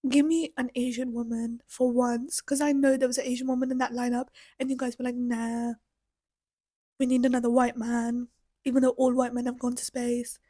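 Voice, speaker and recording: A high-voiced woman with a husky, breathy tone rants in heated, profane, repetitive bursts. Her voice is starting to go hoarse, and the sound is mellow rather than bright. It is recorded close and dry, with no room echo. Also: level tone, fast, hardly any pauses. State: losing her voice. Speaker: podcast host. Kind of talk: solo ranting commentary.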